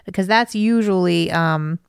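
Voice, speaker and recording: A woman's voice: fairly low pitch, unhurried, gravelly, smooth, dry recording, clean studio sound. A woman co-hosting a podcast, chatting casually and thoughtfully about a book she is reading. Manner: thoughtful, analytical, peppered with "you know". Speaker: podcast co-host; mother of school-age kids.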